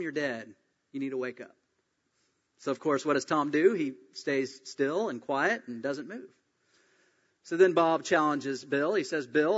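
A man delivers a sermon as pastor, retelling scripture and an anecdote with animated, acted-out voices. His voice sits a little high, and the recording is dull, with a long reverb trailing off in a large hall. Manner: animated storytelling, acts out quoted voices.

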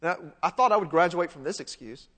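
A man's voice: a little high, animated, a little fast, a bit bright, long reverb tail. A man pastor preaching a sermon in a conversational way, asking his listeners rhetorical questions.

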